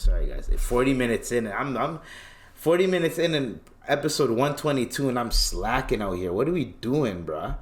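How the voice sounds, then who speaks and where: A man's voice: mid-range voice, moderate pace. A man hosting a podcast, telling a casual story in slangy talk and acting out the voices of the people in it. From Tanzania. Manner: animated, slangy, acts out quoted voices. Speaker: podcast host.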